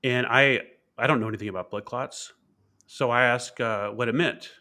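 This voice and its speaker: A man speaking as an interview guest, his voice bright and tense. He tells a personal story candidly and reflectively. He often repeats words and uses fillers as he goes. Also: medium pitch, steady tone, normal speed. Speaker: keynote speaker and author being interviewed.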